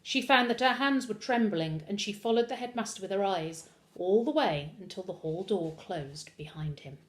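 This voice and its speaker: Teacher lady reading a kids book, super lively up and down voice. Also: mid-range voice, moderate pace. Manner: expressive storyteller. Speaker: primary school teacher. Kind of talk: reading a children's book aloud.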